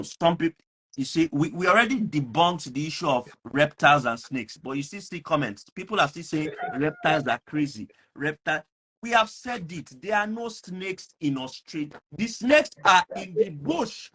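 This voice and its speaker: A man's voice: a little high, fairly bright tone, breathy edge. A man hosting an online talk show, speaking earnestly and emphatically, often repeating himself. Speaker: host.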